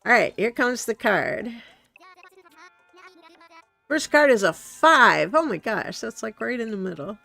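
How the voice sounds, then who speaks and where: Brief: woman doing a hearty gym-buff animal guy from a cozy game, gravelly, unhurried, slightly high. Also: lively intonation, pushed and bright, soft background music, heavily acted. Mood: excited. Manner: hearty, sporty, says "yo, dude". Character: pumped-up male jock animal villager, upbeat gym buff. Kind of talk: reading game dialogue aloud.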